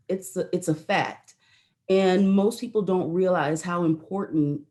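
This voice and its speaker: A woman's voice: on the low side, a little mellow. A middle-aged American woman, a retired Army colonel, telling stories as a talk show guest and acting out the voices she quotes. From United States. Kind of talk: storytelling in a talk show interview.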